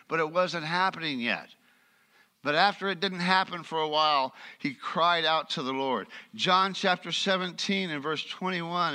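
Middle-aged male preacher, high and very bright voice, lively sermon delivery with questions to the congregation. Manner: animated preaching, reads scripture aloud, asks the congregation questions. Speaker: pastor. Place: church.

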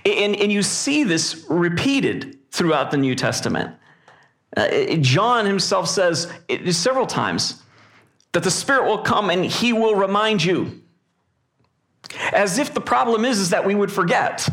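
A male pastor preaching a sermon in a reflective way, pausing often with fillers. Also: high voice, sing-song, fairly bright tone.

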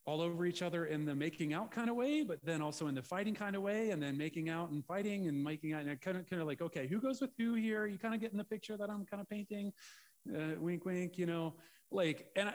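A man delivers a sermon as a personal story, chatty and playful, full of asides. His voice sits a little high and swings widely in pitch. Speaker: preacher telling a personal story.

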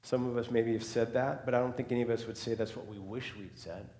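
Male pastor, mid pitch, impassioned sermon delivery that drops to a near hush, roomy echo. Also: fairly even intonation, fast talker. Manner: swings from loud and fervent to hushed and soft, with restarts.

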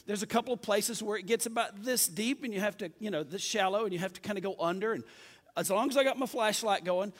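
A man preaching a sermon, telling a story in a lively, self-mocking way. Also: high voice, fast, in a large hall.

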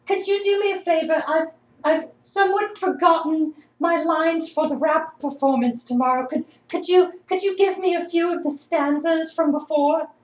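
A man's voice: very high-pitched, fairly even intonation, moderate pace, pitched above the performer's own voice. A prim refined British old lady, as a man puts her on. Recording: roomy echo.

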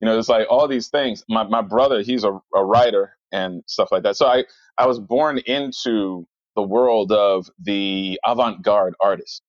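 A man's voice: lowish voice, unhurried, no echo, muffled recording. A man chatting casually, telling rambling stories full of fillers and restarts. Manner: rambling, animated storyteller with many fillers. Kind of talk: casual chat.

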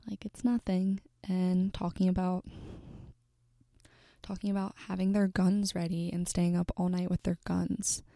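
A young woman in her twenties talks earnestly to the camera, halting and restarting, her low voice gravelly with fry. Her delivery stays flat, and she often sinks into a breathy near-whisper. The recording is close and dry. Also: dry recording. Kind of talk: personal storytelling to camera.

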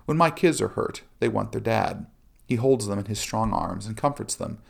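Guy with a lowish voice, earnest scripted devotional, slow and measured. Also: expressive, gravelly. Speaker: Christian speaker.

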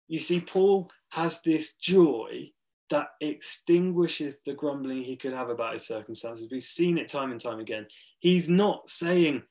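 Slow, earnest preacher man. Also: medium pitch, darkish tone. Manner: earnest, emphatic, pausing between phrases. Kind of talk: sermon.

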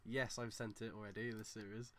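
A man's voice: on the low side, flat delivery, brisk. A man with an English accent in a casual chat, playfully teasing and giggling as he quizzes his co-host. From England. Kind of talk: casual chat, pronunciation game.

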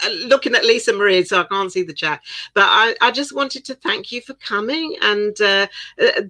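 A woman's voice: mid-range voice, sharp tone, rough recording. An older woman from England, an author talking as a guest in a casual interview, chatty and laughing often.

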